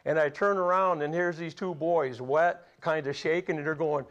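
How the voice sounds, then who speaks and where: A man's voice: a little high, fairly even intonation, normal speed, fairly bright tone, muffled recording. A man over forty preaching a sermon, telling folksy personal stories and laughing at his own tales. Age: 40s or older.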